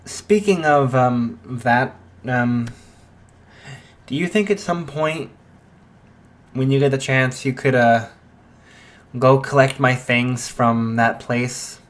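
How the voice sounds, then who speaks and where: A man voicing a shy, polite teenage boy in a read-aloud fan story, soft and hesitant. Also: mid-range voice, slow, pauses often, lightly acted.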